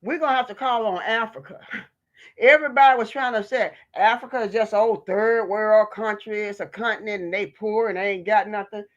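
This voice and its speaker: A woman's voice: mid-range voice, steady tone, brisk, highs cut off. A woman from the United States, a vlogger delivering an impassioned political rant in a fiery, preachy, emphatic way.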